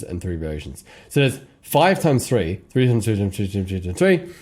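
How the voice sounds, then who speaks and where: Slangy, animated male copywriting coach. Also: medium pitch. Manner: animated, slangy, laughs between points. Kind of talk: casual teaching monologue.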